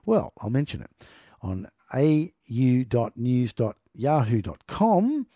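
Mellow-voiced sarcastic man. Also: medium pitch, big pitch swings, slow pace, no echo, clean studio sound. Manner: sarcastic, laughs often, stumbles over hard words. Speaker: vlogger commenting on news. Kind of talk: casual commentary reading news aloud.

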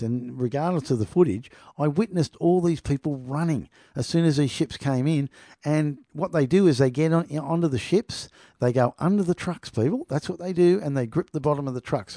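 A man's voice: on the high side, mellow, no room sound, studio quality. A middle-aged man hosting a podcast, telling travel stories in a rambling way and reading from an article, often repeating "people" for emphasis. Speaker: podcast host. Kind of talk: casual monologue and article reading.

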